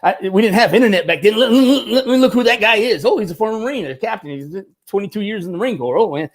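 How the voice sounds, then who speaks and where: A middle-aged man with a fairly high speaking voice, spinning animated anecdotes with frequent laughs. He talks loosely, stumbling into restarts and acting out the voices of people in his stories. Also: fast talker. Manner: animated storyteller, laughs often, restarts sentences. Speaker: guest, former Marine turned film military advisor. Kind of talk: casual storytelling interview.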